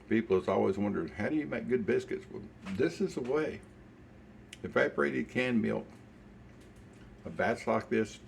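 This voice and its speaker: A man's voice: on the low side, gravelly, slight background noise. An older man with a Southern US accent, casually chatting while cooking and eating in his home kitchen. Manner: folksy, unhurried, talks while eating. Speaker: cooking show host.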